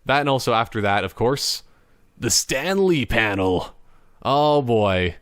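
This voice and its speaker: A young man from Canada chats alone into a desk mic about his weekend, rambling and laughing often. His voice is smooth and clear, sitting at a middle pitch for a man. The sound is dry and close, with no room around it. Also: expressive, slow pace, a bit bright, no echo. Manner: rambling, laughs often, slips into playful impressions. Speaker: podcast host. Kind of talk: casual solo chat. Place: indoors at a computer.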